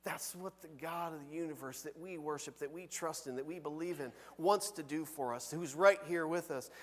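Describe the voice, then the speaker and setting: A man preaching a sermon from the pulpit, conversational and animated, with big swings between loud and soft. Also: fairly high pitch, normal speed, big-room sound. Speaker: pastor. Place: church sanctuary.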